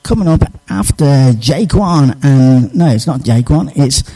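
A man's voice: mid-range voice, animated, unhurried, warm tone, far from the mic, rough recording. A man presenting a casual radio show from the studio, chatting and joking with many fillers.

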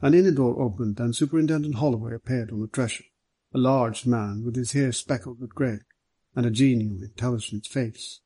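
A man narrates a novel in a steady, measured reading. His voice is husky and mellow, recorded close in a dry room. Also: medium pitch, no room sound. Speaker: audiobook narrator. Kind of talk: scripted narration.

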